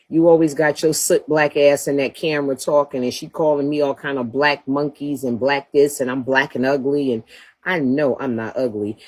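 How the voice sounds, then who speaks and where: A woman's voice: a bass voice, a little mellow, slightly rough. A woman hosting a livestream, talking bluntly and profanely in a trash-talking rant, breaking into laughter often. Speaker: livestream host.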